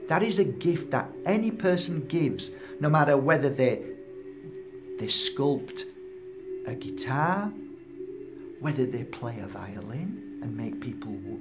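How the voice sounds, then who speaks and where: Spiritual healer guy preaching, emphatic and fired up, music going behind. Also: on the high side. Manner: impassioned, emphatic preaching delivery. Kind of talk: motivational talk.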